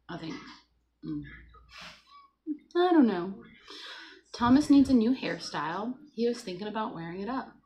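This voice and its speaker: A woman's voice: mid-range voice, a bit bright, slight background noise, low-quality recording. A woman hosting a casual morning livestream, chatty and playful, greeting viewers by name as she talks. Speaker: livestream host.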